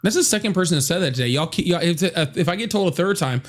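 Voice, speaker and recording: A man hosting a casual live political chat, talking fast and joking with viewers. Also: high voice, lively intonation. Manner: chatty, fast asides to viewers, laughing exclamations. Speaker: livestream host.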